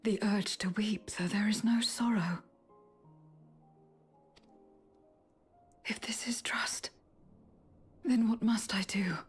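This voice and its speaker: An actress voicing a weary, regretful young woman warrior in a video game cutscene, speaking in a breathy near-whisper. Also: mid-range voice, fairly even intonation, unhurried, soft background music. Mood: stirred.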